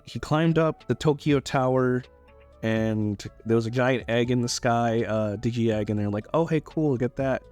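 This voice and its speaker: A young YouTuber casually recaps a movie in a medium-pitched, darkish voice, rambling with loose, swearing talk and frequently restarting his sentences.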